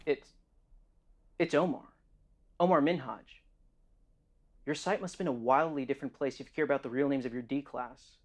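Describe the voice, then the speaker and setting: A man's voice: mid-range voice, moderate pace, pauses often, dry recording, close to an everyday voice. A man playing a weary, sarcastic male prisoner who narrates his own grim situation in a dry tone. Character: weary, sardonic male prisoner test subject.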